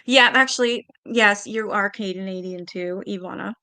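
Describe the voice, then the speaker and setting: Gravelly, bright-voiced woman chatting live. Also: mid-range voice. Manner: chatty, animated, quick asides and little laughs. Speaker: host of a live panel stream. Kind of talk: casual live-stream chat, reading viewer comments aloud.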